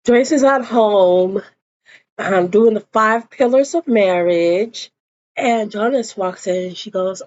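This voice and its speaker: A woman giving a casual, gossipy episode recap, animated and acting out the scenes. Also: mid-range voice, takes it slowly, dry recording. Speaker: TV show reviewer. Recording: dull lo-fi audio.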